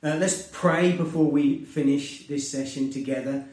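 A man preaching a sermon and sharing a personal testimony, earnest and conversational, rising to loud emphasis and dropping to hushed tones. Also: a little high, moderate pace. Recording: roomy, distant mic.

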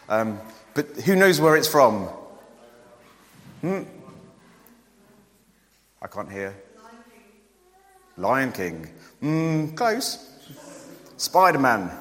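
A man preaching a sermon in a casual, joking way, asking the listeners questions. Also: big-room sound. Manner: conversational and joking, with lively rises in pitch.

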